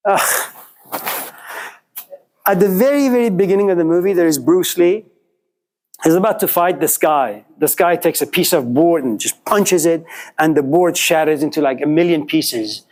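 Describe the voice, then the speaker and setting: A middle-aged man lecturing a class, animated and questioning, telling stories to make his points. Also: fairly high pitch, normal speed, low-quality recording. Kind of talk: classroom lecture with student exchanges.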